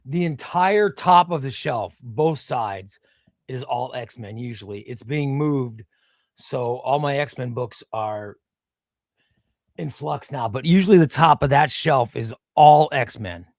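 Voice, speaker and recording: A man's voice: medium pitch, takes it slowly, darkish tone, no echo, clean studio sound. A man hosting a casual comics livestream, rambling, repeating words and answering chat. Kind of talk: casual live-stream chat. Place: home room with comic shelves.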